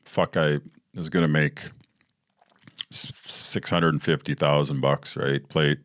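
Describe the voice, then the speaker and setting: A man with a very low voice recounts his past openly, swearing freely and circling back with ums and uhs. The sound is dry and close, with no room echo. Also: clear, resonant tone. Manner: candid, profane, rambling with fillers. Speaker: podcast host. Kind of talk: storytelling monologue.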